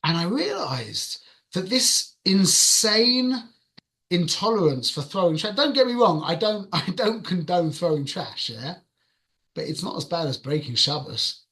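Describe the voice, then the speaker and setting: A man with a London accent giving a religious talk, telling a story to his audience in an animated, conversational way that swings between loud and hushed. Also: high voice, a little slow. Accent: London English. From London, England. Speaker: religious teacher.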